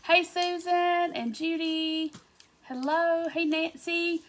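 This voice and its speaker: A cheerful woman hosts a live craft stream. Her voice sits notably high, and her blocked sinuses give it a stuffy, congested sound. She chats in a bubbly, excitable way and greets her viewers by name. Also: takes it slowly. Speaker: craft livestream host. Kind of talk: casual livestream chat greeting viewers.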